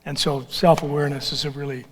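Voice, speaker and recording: A man's voice: on the high side, level tone, quick pace. Reflective male moderator in a hall. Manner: reflective, speaks in loose musing phrases. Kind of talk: moderated discussion. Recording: reverberant hall.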